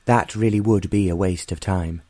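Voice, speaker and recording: A male audiobook reader voicing a spirited, quick-tempered young woman who answers with sharp, scornful retorts. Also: low-pitched, steady tone, no echo.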